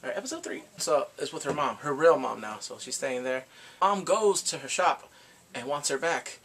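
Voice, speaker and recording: A man giving a rambling, excitable casual recap of a TV drama, reacting with gasps and quoted asides. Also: medium pitch, moderate pace, slight background noise. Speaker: drama reviewer.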